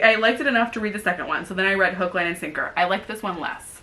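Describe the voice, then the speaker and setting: A young woman co-hosting a casual book review chat, rambling with lots of fillers and getting animated as she rants. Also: mid-range voice, fast. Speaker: co-host.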